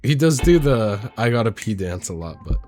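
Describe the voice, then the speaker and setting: Animated joking man reacting to clips. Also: on the low side, moderate pace, soft background music. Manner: mock-outraged, joking, animated. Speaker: reaction commentator. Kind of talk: comedic reaction commentary.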